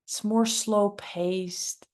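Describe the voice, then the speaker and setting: A woman voicing a lazy male brain minion who talks slowly and drawls with low energy. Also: fairly even intonation, darkish tone. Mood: sluggish.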